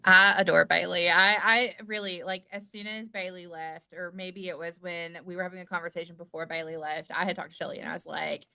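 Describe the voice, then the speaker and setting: A woman's voice: fairly low pitch, fairly even intonation, brisk, gravelly, hardly any pauses, bright, forceful tone, clear, resonant tone, no echo. A woman chatting casually and bubbly about skincare as a co-host. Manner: bubbly, chatty, self-deprecating. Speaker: skincare business leader, co-host. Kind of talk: casual livestream chat.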